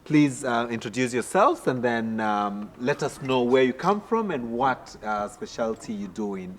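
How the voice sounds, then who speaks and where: A man hosts an interview program and puts his questions in a formal way, pausing here and there. A long reverb trails after his words. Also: mid-range voice, expressive, a little hiss or hum. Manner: formal, with pauses and fillers. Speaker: program host. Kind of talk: interview hosting.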